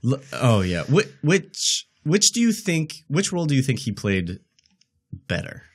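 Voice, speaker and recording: A man co-hosting a podcast in relaxed, wry casual chat. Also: medium pitch, unhurried, husky. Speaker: podcast co-host.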